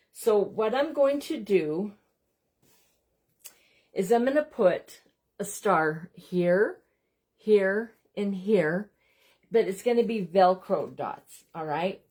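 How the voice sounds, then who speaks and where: A woman's voice: on the low side, darkish tone. A woman hosting a casual crafting livestream from home, chatting to viewers, teasing herself and apologizing often. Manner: chatty, keeps addressing viewers as "you guys"; self-deprecating and apologetic.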